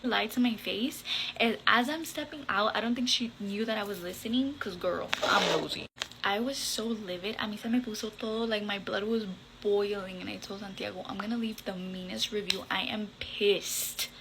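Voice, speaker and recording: A young woman vlogger telling a storytime, animated and blunt, swearing casually and dropping Spanish words into her English. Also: mid-range voice, moderate pace, noisy background. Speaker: content creator. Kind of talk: storytime vlog.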